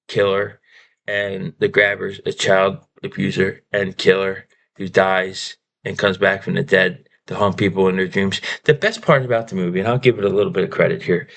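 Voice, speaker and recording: A man's voice: sits low, gravelly, fairly bright tone, slight background noise. A man ranting through a casual movie review, exasperated and repeating himself, often stammering.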